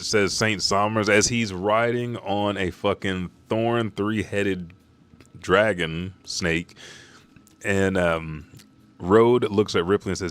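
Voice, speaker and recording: A man's voice: fairly low pitch, slow, fairly bright tone. A man hosting a live stream, casually narrating a comic chapter panel by panel with profanity. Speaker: manga reaction host.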